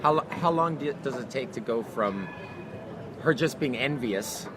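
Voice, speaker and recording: A man co-hosting a podcast in animated casual chat outdoors, repeating phrases for emphasis. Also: medium pitch, measured pace. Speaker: podcast co-host. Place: busy city street outdoors. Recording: outdoor street crowd noise. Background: passing crowd and traffic.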